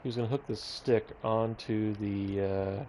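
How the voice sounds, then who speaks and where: A man's voice: fairly low pitch, fairly even intonation, a little slow, dark tone, a little hiss or hum. A man casually commentating a live gameplay stream, rambling and breaking off into tangents. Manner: rambling, self-interrupting, goes off on tangents.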